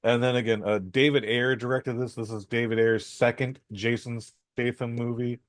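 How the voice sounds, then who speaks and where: A man's voice: mid-range voice, little pitch movement, normal speed, no room sound. A man hosting a podcast, rambling through a casual film review with many fillers, restarts and some swearing.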